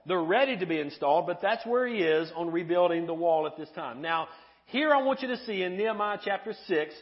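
A male pastor with a fairly high voice preaches to his congregation in a church. He is animated and playful, and he keeps putting questions to the listeners. The recording sounds somewhat dull and muffled. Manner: playful humor. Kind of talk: sermon.

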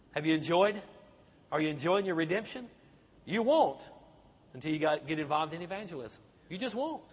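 A pastor preaching with a very high, husky voice that rises and falls widely as he presses his listeners with question after question. His voice rings through a church hall with a long, lingering reverb. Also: a bit bright. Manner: emphatic preaching with rhetorical questions to the congregation. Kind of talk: sermon.

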